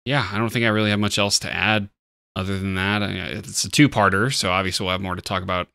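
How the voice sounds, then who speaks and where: A sleepy man co-hosting a casual chat about a TV episode, speaking in a laid-back, halting way. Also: low-pitched, fairly even intonation, gravelly, bright, forceful tone, clear, resonant tone, dry recording, studio quality. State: sleepy, yawning. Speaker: podcast co-host.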